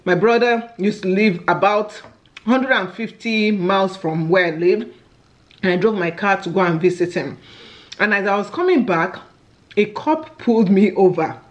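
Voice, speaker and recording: A woman from Nigeria with a Nigerian English accent, chatting as a family vlogger while eating on camera, a lively storyteller who exclaims often. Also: medium pitch, moderate pace, dull audio.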